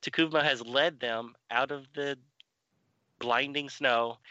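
Podcast co-host, male, crisp bright tone, steady recap delivery, muffled dry recording. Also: mid-range voice, no room sound. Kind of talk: comic book recap and discussion.

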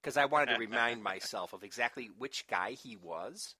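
Lively man in casual chat. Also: medium pitch, normal speed, breathy edge, no echo. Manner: animated, rambling with restarts and laughs. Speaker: podcast co-host.

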